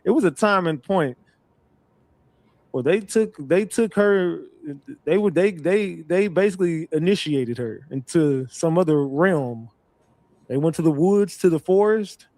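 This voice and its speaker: Guy doing reaction commentary, kinda high voice, dry sound, teasing and cussing a lot. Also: expressive, measured pace, mellow, no room sound. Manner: teasing, profane, repeats himself. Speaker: commentary host.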